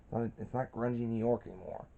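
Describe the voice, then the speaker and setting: A man's voice: mid-range voice, fairly even intonation, fast talker, creaky, slight background noise. A man in his twenties giving a rambling, casual review of a cartoon, with frequent restarts and fillers, on a dull lo-fi recording.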